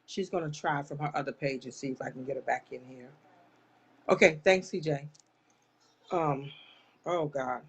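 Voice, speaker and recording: A woman's voice: deep voice, normal speed, pauses often, husky. A woman hosting a live online talk show, speaking straight to her viewers in an impassioned, churchy way. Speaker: live-stream host. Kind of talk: casual live chat.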